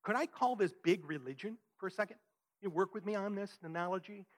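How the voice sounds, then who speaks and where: A man's voice: high voice, brisk. A man preaching a sermon, emphatic and conversational, often asking his listeners "right?". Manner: emphatic, rhetorical questions, frequent "right?". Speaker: pastor.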